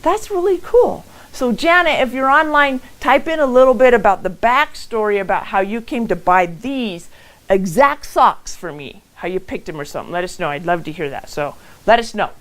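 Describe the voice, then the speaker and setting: A middle-aged woman giving a motivational talk from her own home and telling stories with lively acted quotes. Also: mid-range voice, normal speed, poor audio. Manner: animated storytelling with acted quotes. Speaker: motivational speaker hosting a live event. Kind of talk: live-streamed motivational talk.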